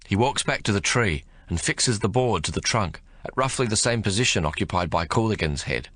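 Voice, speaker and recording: Lively, bright-voiced male narrator. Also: brisk, few pauses, no room sound, clean studio sound. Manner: expressive storytelling with lively pitch. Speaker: audiobook narrator. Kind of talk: scripted narration.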